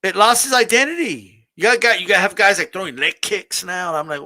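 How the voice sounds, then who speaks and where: Man, high voice, bright and sharp, animated casual rant, stumbling restarts. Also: brisk, few pauses. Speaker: streamer hosting a live wrestling talk. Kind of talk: casual ranting commentary.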